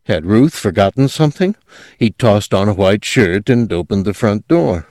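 A man reading a story aloud as narrator, measured and steady, dropping quiet at moments. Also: lowish voice, no echo, clean studio sound. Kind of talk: audiobook narration.

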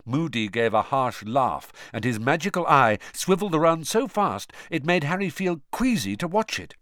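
A man narrating an audiobook with an expressive, varied delivery. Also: on the high side, normal speed, few pauses, no echo, clean studio sound. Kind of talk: storybook narration.

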